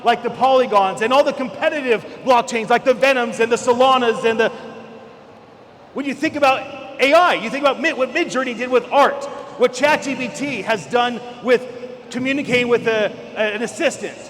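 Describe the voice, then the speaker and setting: A man in his forties with a high voice, originally from California, delivers an energetic conference keynote. He hammers his points and rises to near-shouts for emphasis. His voice rings through a large hall, with faint ambience behind it. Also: moderate pace, slight background noise. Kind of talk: keynote speech with storytelling.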